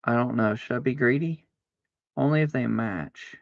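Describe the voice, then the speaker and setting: A man streaming a card game, chatting casually to himself, arguing back and forth aloud with sudden excited exclamations. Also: medium pitch, moderate pace, creaky, no room sound, lo-fi sound. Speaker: livestreamer playing solitaire. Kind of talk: casual self-talk while gaming.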